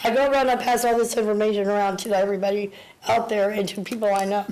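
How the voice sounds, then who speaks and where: A woman in her fifties, out of breath, giving an emotional, halting public comment at a city council meeting. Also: medium pitch, fairly even intonation, a little mellow, low-quality recording. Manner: emotional, halting, repeating words.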